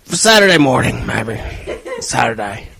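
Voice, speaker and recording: Gruff action hero, low slow deadpan drawl, a man doing an impression on a podcast. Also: crowd noise, full character voice. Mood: deadpan tough. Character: gruff British action-movie tough guy.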